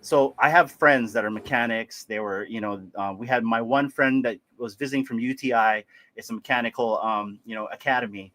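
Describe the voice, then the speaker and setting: Animated man telling a story. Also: medium pitch, fairly quick, hardly any pauses. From Hawaii. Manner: animated, laughing, acts out voices. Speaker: livestream host. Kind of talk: casual storytelling.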